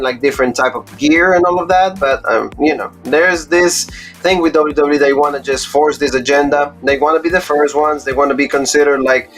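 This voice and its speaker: A man chatting casually on a wrestling review podcast, his voice sitting a little high. He rambles, leaning on "like" and "you know" all the time. Faint music plays behind him. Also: a bit bright.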